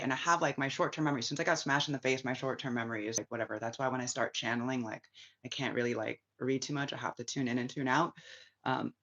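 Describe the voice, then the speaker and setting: A woman's voice: a bass voice, bright, forceful tone, muffled recording. A woman in a spiritual reading vlog, talking loosely with lots of fillers, restarts and swearing. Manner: loose, profane, filler-heavy, with many restarts. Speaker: spiritual channeler and reader. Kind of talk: rambling casual livestream chat.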